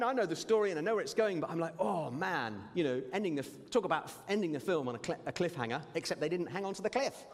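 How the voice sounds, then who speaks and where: A man preaching a sermon, telling stories in an animated way with lively asides. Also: a little high. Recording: long hall reverb.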